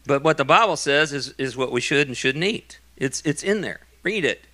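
Folksy pastor with a bright, forceful voice. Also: male voice, fairly high pitch, animated, moderate pace. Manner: folksy, joking asides between emphatic preaching. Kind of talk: sermon. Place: church sanctuary.

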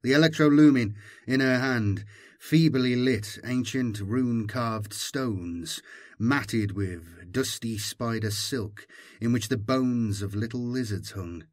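A man narrating an audiobook in a measured, dramatic storytelling manner. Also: mid-range voice, a little mellow. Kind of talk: scripted narration.

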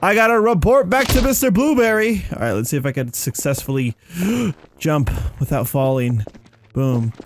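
A man giving excitable let's-play commentary, mocking enemies and yelping and screaming when chased. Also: fairly high pitch, moderate pace, slight background noise. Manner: playful, mocks the enemies. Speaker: gaming commentator.

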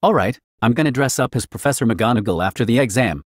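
A man's voice: medium pitch, animated, quick pace, dry recording, studio quality, lightly acted. A man reading the lines of a cheeky, boastful girl in a story. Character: cheeky tomboyish girl, the hero's sister.

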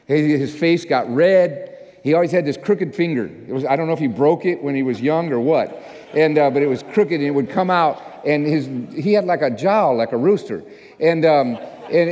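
A man pastor telling a story in a sermon, animated and self-mocking, acting out the people in it. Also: on the high side, normal speed. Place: church sanctuary. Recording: long church hall reverb.

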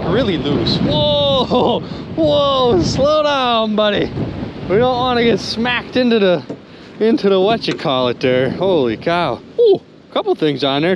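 An excitable man calls out to his viewers from a small boat on a river, his voice swinging up and down as he reacts. He talks in a loose, casual way. Faint noise from the water and boat sits behind him, picked up by a camera mic. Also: very high-pitched, muffled recording. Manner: excitable, loud exclamations, addresses viewers as you guys and dude. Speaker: magnet fishing vlogger. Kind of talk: excited outdoor vlog commentary.

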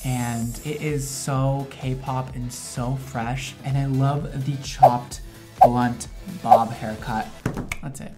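A man's voice: medium pitch, unhurried, music in the background. A man, a hairstylist, giving casual commentary in a gushing, playful way with dramatic exclamations.

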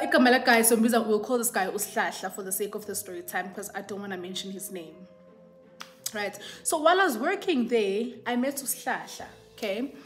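A young South African woman telling a casual storytime, chatty and switching between English and isiZulu. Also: mid-range voice. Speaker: YouTuber.

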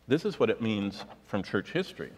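A man's voice: fairly low pitch, very animated, a little fast, darkish tone, long reverb tail, a little hiss or hum. A man preaching a sermon, reading scripture and pressing his points with rhetorical questions. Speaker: pastor.

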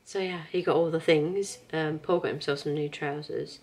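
A chatty woman in her thirties talks at home in a relaxed, rambling vlog. Her voice sits a little low, and she laughs easily between thoughts. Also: normal speed. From England. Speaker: vlogger.

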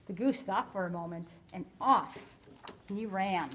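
A woman teacher reading a picture book aloud to children, animated, stopping to explain and ask questions in a classroom. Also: mid-range voice, a little slow, a little hiss or hum, poor audio.

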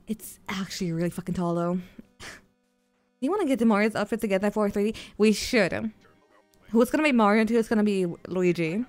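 A young woman livestreaming a VR game in casual chatter, excitable and swearing, with frequent giggles and shrieks. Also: on the high side. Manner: giggly, jokey rambling. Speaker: streamer. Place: at home, playing in VR.

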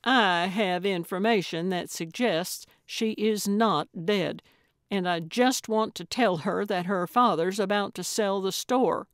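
A woman's voice: mid-range voice, slow, dry recording, studio quality, lightly acted. A woman voicing an eager, fussy older woman amateur sleuth, earnest and flustered in an audiobook. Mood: insistent.

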